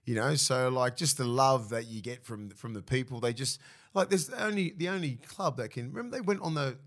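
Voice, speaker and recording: Brief: Australian man, 30s, ex-footballer guest, loose sweary storytelling, voices other people in anecdotes, mid-pitched. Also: a little fast. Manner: swears freely, animated storytelling with mimicked voices. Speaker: former rugby league player, guest. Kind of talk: casual podcast chat.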